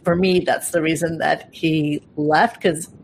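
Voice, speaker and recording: A woman's voice: sits low, fairly even intonation, measured pace, slight background noise. A woman hosting a podcast in casual chat, blunt and swearing freely, with plenty of fillers and restarts. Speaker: podcast host.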